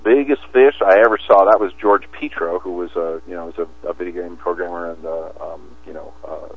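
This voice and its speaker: A man's voice: low-pitched, level tone, brisk, vocal fry. A man talking as an interview guest in a rambling way, with many restarts and fillers. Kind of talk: casual interview talk. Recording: tinny phone line, dry.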